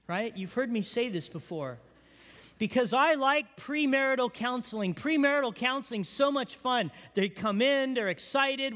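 A man preaching a sermon as pastor, telling animated stories and asking the congregation questions. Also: extremely high pitch, normal speed, big-room sound.

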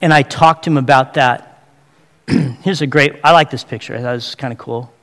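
A man's voice: medium pitch, moderate pace, fairly bright tone. A man preaching a sermon in a chatty, joking way, throwing rhetorical questions at his congregation. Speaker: pastor. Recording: long hall reverb.

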